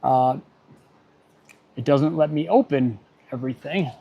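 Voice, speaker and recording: Middle-aged mechanic guy on a livestream, gravelly voice, mutters and grumbles, kinda muffled lo-fi sound. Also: medium pitch, unhurried. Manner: muttering, easily irritated, joking. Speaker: automotive technician. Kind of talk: livestream chat while working. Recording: dull lo-fi stream audio.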